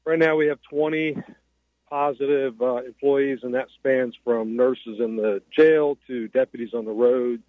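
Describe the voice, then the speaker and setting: A man's voice: medium pitch, steady tone, no room sound. Man calling in on a tinny phone line. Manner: measured, matter-of-fact update. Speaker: sheriff's office major, guest. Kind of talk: phone-in radio interview.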